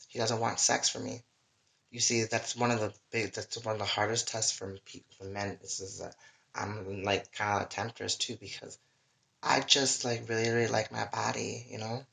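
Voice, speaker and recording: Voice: mid-range voice, flat delivery, normal speed, vocal fry, sharp tone. A livestreamer in a casual, rambling monologue, emotional and full of swearing. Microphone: webcam or phone mic.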